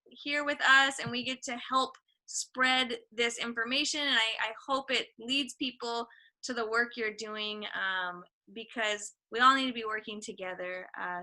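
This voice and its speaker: A young woman hosting a podcast, enthusiastic and quick to laugh. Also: on the high side, bright, forceful tone, low-quality recording. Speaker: podcast host. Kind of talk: casual interview.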